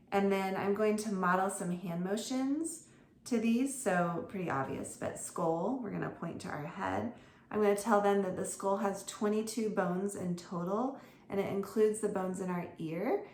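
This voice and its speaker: Speaking in a lowish register, a homeschool tutor chats informally with fellow teachers about her lesson plans, using fillers and correcting herself as she goes. The room is echoey with faint ambience, and there's slight background noise.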